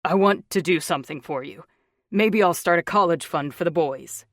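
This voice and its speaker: A woman's voice: fairly low pitch, moderate pace, dry recording, clean studio sound, lightly acted. A woman doing a choked-up older man. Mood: moved. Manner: choked-up, heartfelt. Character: emotional older man, warm, grateful.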